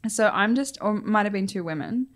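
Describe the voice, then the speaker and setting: A woman's voice: mid-range voice, lively intonation, a little fast. A young woman, co-hosting a podcast and reading out listener stories in a giggly, casual chat. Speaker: podcast co-host.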